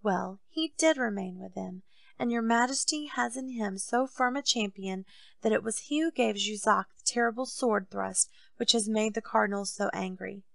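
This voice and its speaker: A woman reading aloud voices a loyal male captain of musketeers, speaking in measured, deferential pleading to his king. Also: medium pitch, gravelly, no echo, close to an everyday voice. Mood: earnest.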